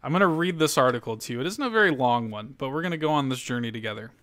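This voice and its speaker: A man's voice: medium pitch, animated, racing, fairly bright tone, a little hiss or hum. A man hosting a casual podcast, reading an article aloud with lots of laughter and loose, profane storytelling. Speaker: podcast host.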